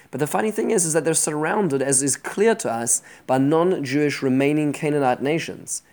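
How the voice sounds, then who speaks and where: Man, mid-pitched, teaching a Bible lesson with animated, restart-prone storytelling. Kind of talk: lecture retelling a Bible story.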